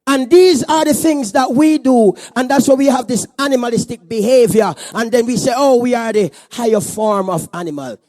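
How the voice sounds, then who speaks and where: A man preaching a sermon as pastor at a church service, animated and joking. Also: extremely high pitch, normal speed, few pauses, no echo.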